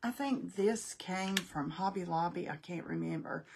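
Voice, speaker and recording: A woman's voice: on the low side, unhurried, gravelly, darkish tone, slight background noise. A middle-aged woman casually demonstrating a craft live, chatting folksily, thinking aloud and greeting viewers by name.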